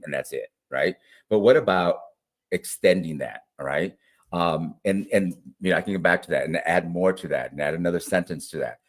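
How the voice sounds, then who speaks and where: A man with a low, deep voice talks through classroom teaching in a relaxed interview. His delivery is animated, rising and falling widely as he demonstrates sounds and checks in with "right?" and "all right?". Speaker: guest literacy educator. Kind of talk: conversational interview.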